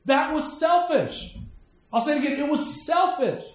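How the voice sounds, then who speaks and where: A man preaching a sermon, mixing personal stories with scripture, swinging between high emphatic lines and low asides. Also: animated, moderate pace, echoey room. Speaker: pastor.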